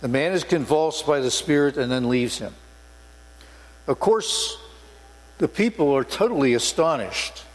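A man's voice: a little high, expressive, measured pace, pauses often. An older man, a former police sergeant, preaching a sermon in a church sanctuary with earnest storytelling and emphatic stresses. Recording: long hall reverb with mains hum.

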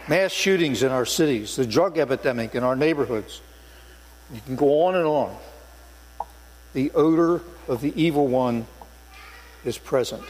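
An older man preaches a sermon in a church sanctuary, telling his story earnestly and pressing hard on key words. His voice sits at an ordinary pitch and rings out with a long hall reverb. A faint mains hum runs underneath. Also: a little mellow. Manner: earnest storytelling, rising to emphatic stresses. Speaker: preacher, former police sergeant.

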